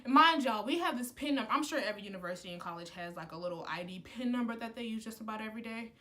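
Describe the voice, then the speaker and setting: A young woman telling a heated storytime to camera, animated and full of "like" fillers. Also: on the high side, rapid-fire. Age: young adult. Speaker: college student vlogger. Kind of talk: casual storytime.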